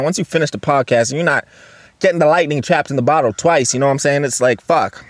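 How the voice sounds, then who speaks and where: A man hosting a solo casual podcast, rambling and swearing, jumping between loud outbursts and low mutters, recorded on a phone and laptop. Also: fairly quick, no echo. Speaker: podcast host.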